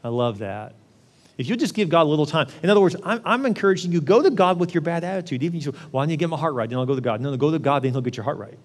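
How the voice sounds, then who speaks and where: A man delivers a sermon in a relaxed, conversational way, slipping into lively acted-out prayers now and then. His voice sits a little high for a man. The sound carries a long hall reverb, as in a large church auditorium. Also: very fast. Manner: conversational, acts out prayers in an animated voice. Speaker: pastor.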